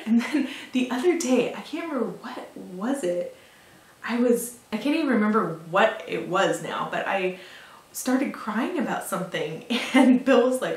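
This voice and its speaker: A woman's voice: on the high side, unhurried. Chatty young woman in an echoey room. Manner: chatty, lots of fillers and laughs. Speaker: vlogger. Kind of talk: casual chat to camera. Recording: roomy echo, mic at a distance.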